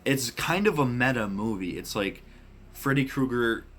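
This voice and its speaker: A man casually ranking horror films, speaking bluntly, swearing often and getting excited about what he likes. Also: mid-range voice, normal speed. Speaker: movie reviewer. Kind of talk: casual film ranking monologue.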